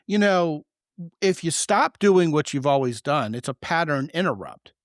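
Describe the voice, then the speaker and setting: A man's voice: a little high, animated, normal speed, dry recording, clean studio sound. Joking, storytelling male podcast host. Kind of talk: casual podcast conversation.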